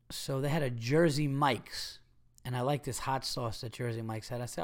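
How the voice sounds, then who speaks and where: A middle-aged man hosting a podcast, telling a story in a casual monologue and slipping into loud, profane rants. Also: mid-range voice, measured pace, pauses often. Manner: animated storytelling, rants with heavy swearing. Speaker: podcast host.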